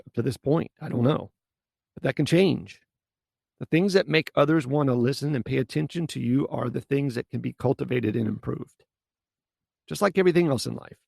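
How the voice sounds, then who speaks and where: A man hosts a solo coaching podcast and speaks in a blunt, casual way. His voice is deeply gravelly and husky. The recording is dry and close. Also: a little mellow, dry recording. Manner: blunt, casual, mild swearing. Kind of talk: solo podcast advice talk.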